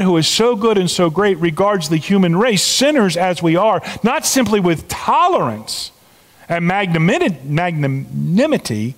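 Older guy preaching, kinda high voice, chatty with lots of restarts, big echoey hall. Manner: conversational preaching with restarts and swings in pitch. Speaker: pastor. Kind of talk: sermon. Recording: long reverb of a large hall.

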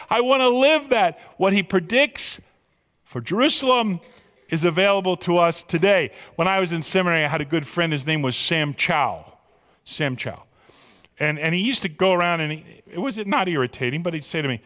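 A pastor preaching a sermon with emphatic, drawn-out stressed words in a church sanctuary. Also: male voice, high-pitched, animated, fairly bright tone, long reverb tail.

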